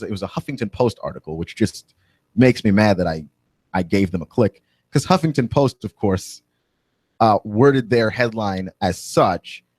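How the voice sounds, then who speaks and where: A man's voice: fairly low pitch, dry recording. A man hosting a radio talk show, ranting with indignant, rising emphasis from a studio microphone.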